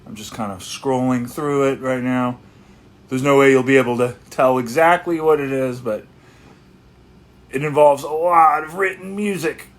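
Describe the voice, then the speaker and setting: A man, mid-pitched, who hosts a laid-back late-night livestream as a guitarist. He rambles easily, with plenty of pauses, and greets his viewers by where they are writing from. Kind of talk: casual livestream chat.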